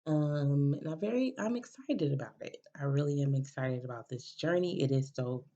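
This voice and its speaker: A woman's voice: sits low, moderate pace, mellow. A woman hosting a podcast, telling a personal story in a rambling casual way, full of fillers and restarts. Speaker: podcast host. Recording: dull lo-fi recording.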